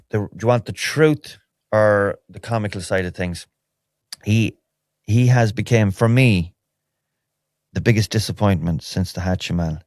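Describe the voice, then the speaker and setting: Irish male podcast host, low voice, dry close mic, candid rambling delivery. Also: unhurried, pauses often, darkish tone, no echo. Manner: rambling, candid and wry, many restarts. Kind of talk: solo podcast, casual chat.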